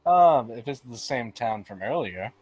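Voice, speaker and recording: Polite measured man player. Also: medium pitch, expressive, a little mellow, breathy edge, no echo. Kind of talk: tabletop role-play.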